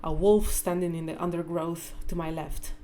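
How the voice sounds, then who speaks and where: A woman reading a novel aloud live, with measured storytelling narration. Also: fairly low pitch, fairly even intonation, warm tone, slight background noise. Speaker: reader.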